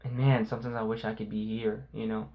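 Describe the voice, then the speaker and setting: Man, personal faith vlog, halting reflective talk, filler-heavy, drops to whispers. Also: fairly low pitch, little pitch movement, muffled recording. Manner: reflective, halting, lots of "you know" fillers. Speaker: vlogger.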